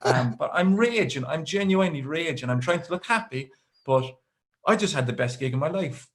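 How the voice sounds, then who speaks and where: A man's voice: on the high side, lively intonation, normal speed, a bit bright. Irish man telling rambling stand-up stories. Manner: rambling storytelling with dry asides. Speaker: stand-up comedian. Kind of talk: stand-up comedy set.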